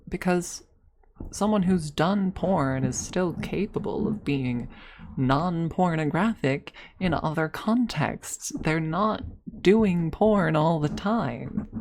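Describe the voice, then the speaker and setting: A woman's voice: fairly low pitch, darkish tone. A young woman ASMR streamer sharing frank opinions in a casual, musing monologue full of tag questions.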